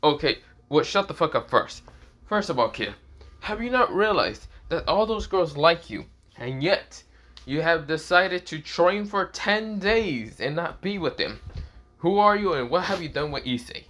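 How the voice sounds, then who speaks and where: Man playing a bickering male dragon, crude, cursing, bright voice. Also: on the high side, lively intonation, unhurried, voice pushed up. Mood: bewildered. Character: irritable swearing male dragon in a boy's body.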